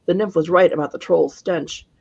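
A woman author reading her own fantasy story aloud in a steady narrating voice. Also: fairly low pitch, moderate pace, gravelly, slightly rough, highs cut off.

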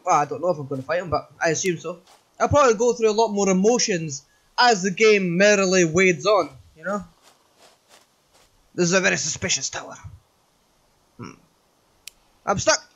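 A man's voice: high-pitched, a bit bright. A man hosting a let's play, chatting and joking as he goes. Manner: chatty, jokey, rambling. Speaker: gaming channel host.

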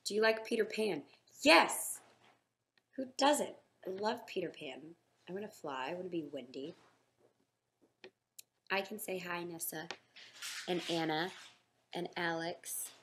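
A woman's voice: fairly low pitch, lively intonation, a little slow, long pauses, fairly bright tone, slight background noise. Chatty young woman answering fan questions. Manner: chatty and upbeat, reads each question then answers. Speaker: host of a live fan chat. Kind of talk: casual live Q&A, reading fan questions aloud.

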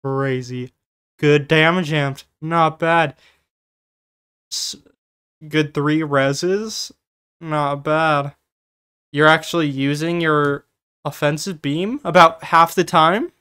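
A streamer reacting to a game clip in disbelief, dropping curses and rapid-fire asides. The speech swings between fast rants and trailing mutters. The voice is casual and unpolished. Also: medium pitch, fairly even intonation, a bit bright, clean tone. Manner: incredulous, swears often, quick bursts. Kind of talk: reaction commentary.

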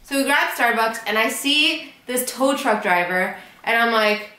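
A chatty young woman vlogging in a casual, storytelling way, with a fairly high voice. She tends to draw out some words and laugh partway through sentences. The sound is echoey, as if recorded in a bare room. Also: animated, unhurried, hardly any pauses, sharp tone. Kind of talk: casual vlog chat.

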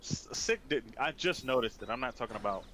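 A man's voice: medium pitch, lively intonation, fairly quick, crowd noise. A man co-commenting on a fighting game in laid-back, joking banter. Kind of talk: casual esports commentary. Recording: noisy mic with clicks.

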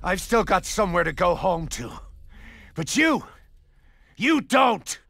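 A man's voice: high-pitched, sing-song, takes it slowly, gravelly, very noisy, exaggerated voice. An actor playing a swaggering male assassin in a video game, delivering cocky, mocking taunts.

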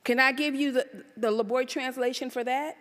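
A woman pastor preaching an animated sermon to a church congregation, full of rhetorical questions and sudden calls out. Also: high voice, normal speed. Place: church sanctuary. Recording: live church service in a reverberant hall.

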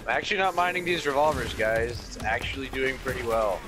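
A man's voice: medium pitch, expressive, brisk, over loud music, low-quality recording. A man from Germany, a native German speaker, chatting casually and swearing while he plays a game. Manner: swears a lot, gets loud when frustrated. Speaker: gamer. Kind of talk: casual gameplay chat.

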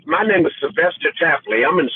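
A man calling in to an online fellowship and giving an earnest, halting testimony, getting emotional and near tears. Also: on the high side, lively intonation, a little hiss or hum. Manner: earnest, halting, with many fillers and repeats. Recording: tinny phone line.

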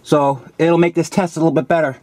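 A man with a high voice talks casually to his camera while working on his car outdoors. He sounds a little out of breath and explains as he goes. Faint engine and street noise sit behind him in the camera audio. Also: steady tone, brisk, darkish tone. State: slightly out of breath. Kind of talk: casual on-camera demo talk.

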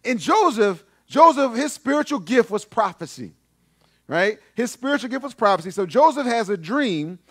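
A man preaching a sermon as pastor, animated and emphatic, repeating his phrases for stress, in a church sanctuary. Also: very high voice, moderate pace, dry recording, clean studio sound.

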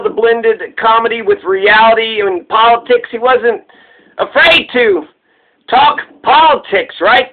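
A man rambling in a casual, profane and joking way while he comments on a comedian. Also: extremely high pitch. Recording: tinny phone-like sound.

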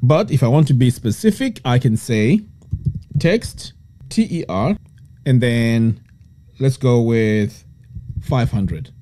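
Man, software tutorial narration, lively pitch, dark mellow tone, step-by-step walkthrough. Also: slow pace, long pauses. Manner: relaxed step-by-step walkthrough, frequent "so" and "okay". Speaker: web design tutorial presenter. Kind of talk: screen-recorded software tutorial.

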